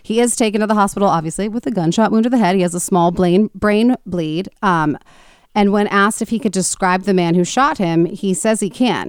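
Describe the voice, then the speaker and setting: A woman co-hosting a podcast and telling a true-crime story in a chatty, animated way with frequent restarts. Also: medium pitch, a little fast, clear, resonant tone, dry recording, studio quality. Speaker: podcast co-host.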